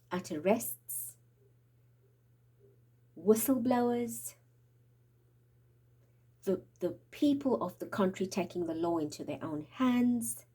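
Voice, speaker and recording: A woman's mid-range voice, mellow with a slight roughness, carries this spiritual tarot reading. She sounds breathless and shaky, prophesying with urgency and occasionally dropping to whispers.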